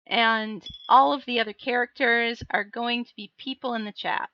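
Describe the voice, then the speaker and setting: A woman's voice: on the high side, steady tone, normal speed, no room sound, muffled recording. A woman streamer chatting casually on a live stream, laughing often and answering her viewers. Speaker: live streamer and miniature painter.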